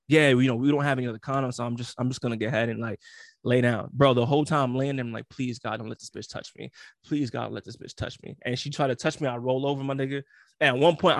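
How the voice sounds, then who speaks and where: Brief: young man, mid-pitched, dry close sound, slangy and animated, acts out every quote. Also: no room sound. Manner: slangy, animated storytelling with frequent laughs and acted-out quotes. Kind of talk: casual chat.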